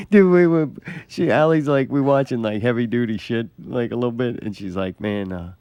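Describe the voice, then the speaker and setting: A man's voice: medium pitch, measured pace, darkish tone, no room sound. A man hosting a casual podcast, telling rambling, profane stories with lots of laughter. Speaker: podcast host. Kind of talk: casual chat.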